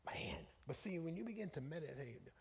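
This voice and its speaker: A man leading a Bible study as bishop, preaching in an animated, folksy way and calling out to the congregation. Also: a little high, normal speed. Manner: animated, conversational, calls out to the congregation; colloquial, folksy phrasing.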